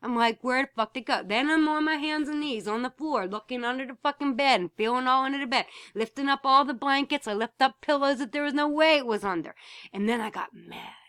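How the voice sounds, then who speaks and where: A woman's voice: high-pitched, brisk, a bit bright, smooth, dry recording, studio quality. A woman talking casually to camera at home, telling a story bluntly, swearing freely and repeating herself when she gets worked up. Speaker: vlogger.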